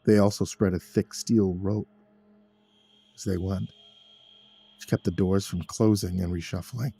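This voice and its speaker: A man narrating a horror story in a measured, somber storytelling manner. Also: fairly low pitch, fairly even intonation, warm tone, husky, faint music behind.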